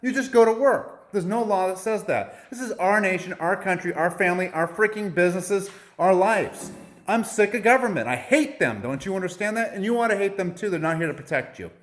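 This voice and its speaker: A man's voice: high-pitched, animated, brisk, a bit bright. A young man in a heated, profane political rant, repeating himself and firing off rhetorical questions. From United States.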